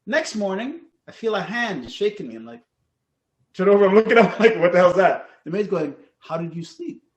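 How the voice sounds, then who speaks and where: A man telling ghost stories in a casual podcast chat, animated and acting out the people he quotes. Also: high voice, fairly quick. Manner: animated, acts out quotes, laughs often.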